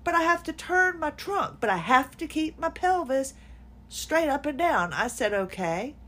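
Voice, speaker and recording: A woman's voice: high-pitched, big pitch swings, a little slow, fairly bright tone. A woman podcast host telling a story in an exasperated, sarcastic way, with laughs mixed in. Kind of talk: casual personal venting monologue.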